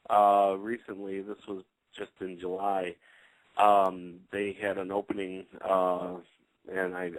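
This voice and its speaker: Low-voiced man telling a rambling story. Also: no room sound, rough recording. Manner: rambling, with many fillers and restarts. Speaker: paranormal investigator on a talk show. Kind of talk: casual anecdote telling.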